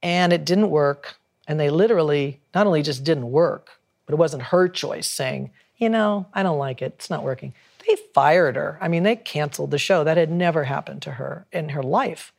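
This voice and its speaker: A woman's voice: low-pitched, moderate pace, vocal fry, few pauses. A middle-aged woman in a documentary interview, telling family stories and acting out the quoted dialogue. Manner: warm storytelling, acts out quoted dialogue. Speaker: interviewee, daughter.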